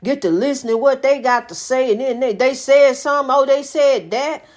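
A woman's voice: high voice, a little fast, darkish tone. A woman giving casual relationship advice, repeating her points in a preachy, conversational way as she tells stories from her own life. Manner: repetitive, preachy, conversational storytelling.

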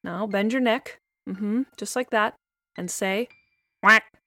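A woman's voice: mid-range voice, measured pace, no room sound. A woman voicing a fussy, proud mother duck in a storybook reading, her voice slightly raised.

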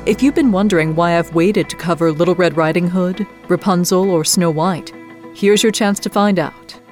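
Low-voiced woman reading a fairy tale. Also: faint music behind. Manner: measured, expressive reading. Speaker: storyteller host. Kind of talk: scripted storybook narration.

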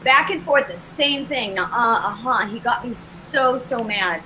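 A woman guest on a talk show telling a personal story in an animated way, acting out both sides of the dialogue. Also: high-pitched, unhurried, background noise.

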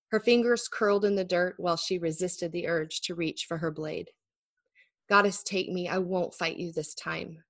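A woman's voice: on the low side, fairly bright tone, no echo. A woman author talking casually about her writing with a self-deprecating, easy laugh, then reading her fantasy chapter aloud. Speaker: author and guest. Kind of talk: casual interview chat and book reading.

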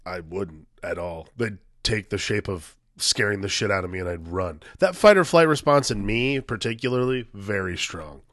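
A man with a fairly low voice that still moves around a lot, wry and self-deprecating as he banters through a movie talk. The sound is close and dry. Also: lively intonation, moderate pace, few pauses, fairly bright tone, no echo. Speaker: podcast co-host. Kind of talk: casual comedic movie discussion.

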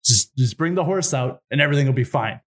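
A man's voice: mid-range voice, animated, fast, natural voice. A man voicing a grumbling male grey wolf who helps the hero, speaking in casual, bossy modern slang.

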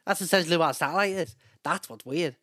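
A man's voice: on the high side, fast, no room sound. Laid-back man, dry sound. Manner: jokey, trails off softly at ends of lines. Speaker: podcast co-host. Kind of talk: casual chat.

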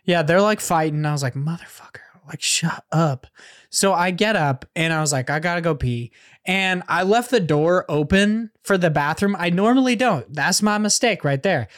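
A man's voice: high-pitched, animated, normal speed, a bit bright. A man co-hosting a podcast, telling a rambling, profane story in casual chat. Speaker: podcast co-host.

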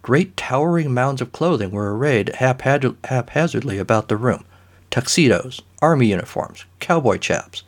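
A male narrator reading a comic story in a dry, deadpan way, his voice sitting at a middling pitch. The delivery stays scripted and even. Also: normal speed.

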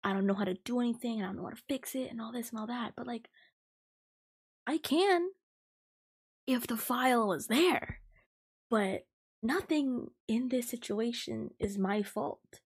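A woman's voice: on the high side, animated, moderate pace, long pauses, slightly rough. A young adult woman hosting a podcast, ranting and swearing as she dramatically retells a work story. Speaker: podcast host. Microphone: podcast mic, recorded live.

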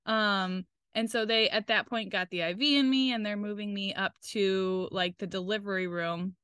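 A woman's voice: mid-range voice, fairly even intonation, normal speed, a bit bright, smooth, no echo, clean studio sound. A young woman talking casually and candidly as a podcast co-host, swearing freely as she tells a personal story and quotes the people in it.

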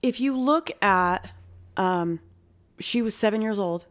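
A woman hosting a true-crime podcast, talking casually with frequent swearing and quick bursts of speech. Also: medium pitch. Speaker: podcast host.

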